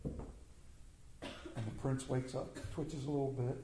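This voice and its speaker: A man preaching a sermon as a folksy, plainspoken storyteller who swings between loud and hushed delivery. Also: mid-range voice, fairly even intonation, slow pace, slight background noise. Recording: echoey room.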